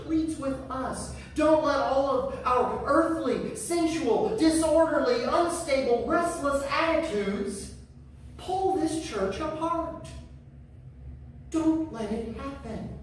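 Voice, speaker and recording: A pastor with a very high, animated voice preaches a sermon slowly, emphatically repeating key phrases for weight. He's recorded from far off in an echoey church sanctuary, with a slight hiss or hum.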